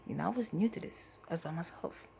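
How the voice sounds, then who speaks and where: A woman giving a personal testimony as a mother, in a soft, halting, emotional way that often trails off. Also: on the low side, expressive, creaky, a little hiss or hum. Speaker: mother telling her story.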